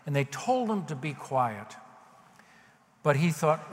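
A man's voice: a little high, big pitch swings, slow. A male pastor preaching a sermon in a conversational, self-deprecating way. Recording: long hall reverb.

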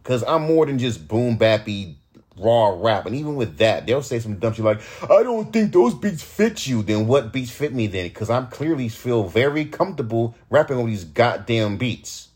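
A man's voice: medium pitch, lively intonation, normal speed, a little mellow, slightly rough. A man in his thirties, a rapper hosting his own podcast, ranting in casual, heated, profane talk.

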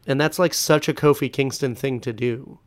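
A young man with a smooth, clear voice co-hosts a relaxed podcast. He chimes in with short remarks and a lot of fillers. The recording is close and dry. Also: mid-range voice, normal speed, no room sound. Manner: short agreeing interjections, fillers like "like". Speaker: podcast co-host. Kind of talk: casual wrestling review chat.

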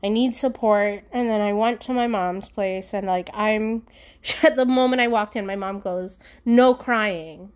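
A woman's voice: mid-range voice, steady tone, normal speed. A young adult woman hosting a solo podcast from home, talking candidly and rambling with many fillers and bursts of laughter. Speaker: podcast host. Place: alone at home.

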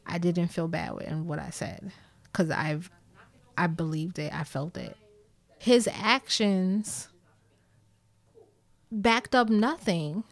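New York woman vlogger, blunt and profane, dry close sound, mid pitch. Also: no room sound. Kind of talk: candid storytime talk to viewers.

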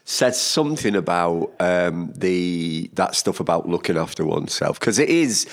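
A man's voice: deep voice, expressive, unhurried. A man co-hosting a podcast in casual chat, enthusiastic and jokey. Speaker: podcast co-host.

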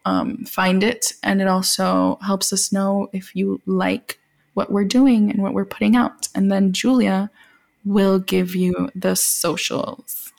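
A woman's voice: mid-range voice, vocal fry. Valley Girl-accented woman, chatty podcast host. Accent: American Valley Girl. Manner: chatty, joking, swears casually. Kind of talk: casual podcast chat.

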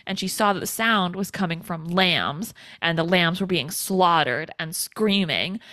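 A woman's voice: on the low side, a little slow, pushed and bright, dry recording. Woman podcast host chatting thru a movie plot, lots of "like", dry close sound. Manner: chatty retelling full of "like" and quoted lines. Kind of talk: casual movie recap chat.

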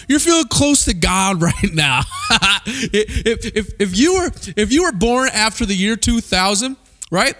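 Animated young male preacher. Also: sits high. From Missouri. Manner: animated, rhetorical questions to the crowd. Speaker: pastor. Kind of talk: sermon.

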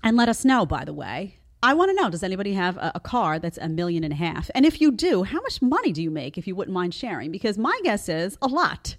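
Animated woman host chatting to a live chat. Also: mid-range voice, fast talker, few pauses. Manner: chatty and animated, acts out quotes. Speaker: host reacting to clips. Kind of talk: casual commentary to a live chat.

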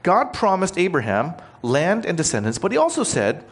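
A male preacher delivers a relaxed, conversational sermon and explains the text in plain words. His voice sits a little high for a man. It swings up and down with animated inflection. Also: moderate pace, hardly any pauses, breathy edge. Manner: explains scripture plainly, asks the listeners questions.

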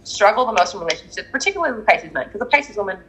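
A woman's voice: medium pitch, very animated, rapid-fire, a bit bright, breathy edge, poor audio. A woman in casual chat, talking animatedly and acting out the people she quotes. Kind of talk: casual chat about astrology.

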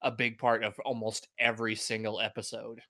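A man co-hosting a podcast, chatting in a relaxed way. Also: on the low side, brisk. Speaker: podcast host. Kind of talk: casual podcast chat.

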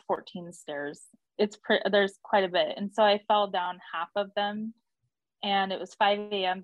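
As an interview guest, a young woman chats through the story of giving birth, laughing often and growing animated whenever she quotes people. Her voice is medium-pitched, and the recording is muffled with no room sound.

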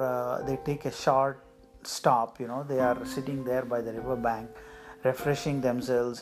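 Chatty storyteller over soft music. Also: medium pitch. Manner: conversational, many fillers and "right?" checks. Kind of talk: oral storytelling with asides to the listener. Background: instrumental music.

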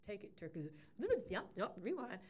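Middle-aged woman, lively storyteller, mid-pitched voice, acts out quotes. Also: moderate pace. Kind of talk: casual storytelling chat.

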